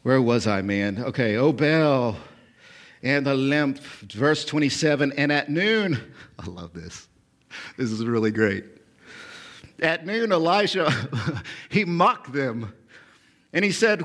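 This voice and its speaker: A man in his forties preaching a sermon as pastor, swinging from loud bursts to hushed whispers. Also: mid-range voice, big pitch swings, takes it slowly, pauses often. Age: 40s.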